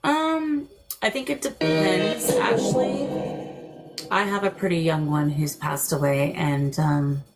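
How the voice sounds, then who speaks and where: A chatty older woman hosting a live stream from home, her voice sitting a little low. She talks casually and keeps coaxing with questions over steady music in the background. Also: slow pace. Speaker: paranormal livestream host.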